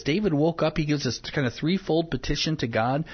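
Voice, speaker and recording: An earnest man walks through a Bible passage on a Christian talk show, pausing on fillers and slowing down when he reads verses aloud. His voice is a little husky, and the lo-fi recording sounds dull. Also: a little high. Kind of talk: devotional Bible teaching in conversation.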